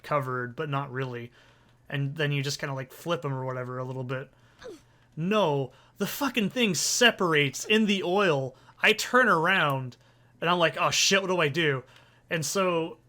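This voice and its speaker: A man's voice: on the high side, pushed and bright. A young man hosting a let's play, telling a long rambling story with lots of swearing while he plays. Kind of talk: casual gameplay commentary. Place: soundproofed home recording corner. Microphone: desk condenser mic with pop filter.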